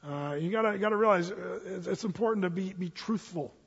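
A man's voice: high voice, quick pace, creaky, slightly rough. A man preaching a conversational sermon, folksy and humorous, with frequent stumbles and restarts. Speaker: pastor. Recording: dull, reverberant hall sound.

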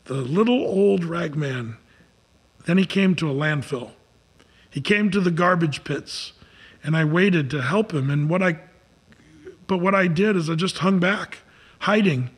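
A man's voice: on the high side, a little slow, pauses often, breathy edge. A man telling a story aloud in an earnest way, with small slips and restarts along the way.

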